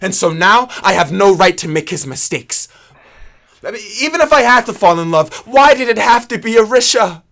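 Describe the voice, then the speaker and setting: An actor playing a young prince torn by forbidden love, speaking earnestly and often subdued in a stage drama. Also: male voice, high voice, animated, moderate pace, sharp tone, full character voice.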